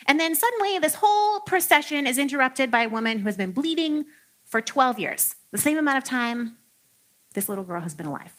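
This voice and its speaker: A woman's voice: a little high, big pitch swings, fairly quick, a bit bright. A woman preacher giving a casual, humorous sermon in a chatty, playful way, full of "like". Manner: chatty and playful, heavy use of "like".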